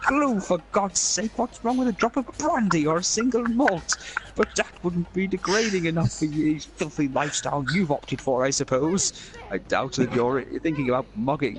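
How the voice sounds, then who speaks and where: A man's voice: fairly high pitch, close to an everyday voice, rough recording. A man doing a pompous old major, ranting. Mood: disgusted. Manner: ranting, scolding. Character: blustering old retired British major, pompous and indignant.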